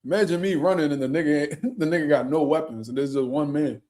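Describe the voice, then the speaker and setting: A man's voice: fairly high pitch, quick pace, mellow. A young man hosting a casual livestream, reading viewer comments and chatting in a loose, profane way with frequent laughter. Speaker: boxing livestream host. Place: home room.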